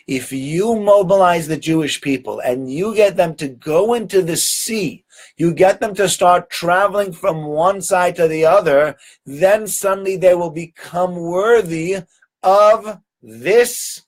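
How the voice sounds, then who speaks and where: A man teaching a weekly Torah lesson, telling stories in an animated way and often repeating words. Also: fairly high pitch.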